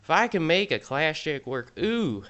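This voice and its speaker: A man's voice: a little high, sing-song, a little slow, fairly bright tone, muffled recording, faint music behind, voice pushed up. A man putting on a Southern US accent to play a boastful, pompous self-styled intellectual in a comedic gaming video. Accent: Southern US (put on). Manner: pompous, drawling mock-serious pronouncements. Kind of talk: comedic put-on voice in gaming commentary.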